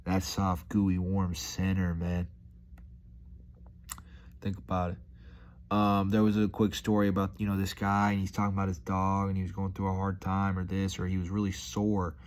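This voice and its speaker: Laid-back low-voiced guy. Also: completely flat delivery, fairly quick. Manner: laid-back, rambling, says dude and man a lot. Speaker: vlogger. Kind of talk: casual reflective monologue.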